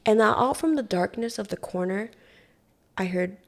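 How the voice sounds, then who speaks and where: A young woman from Hawaii, a podcast guest, telling a story in casual, profane, animated talk full of "like". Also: mid-range voice, moderate pace. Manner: profane, animated, heavy use of "like".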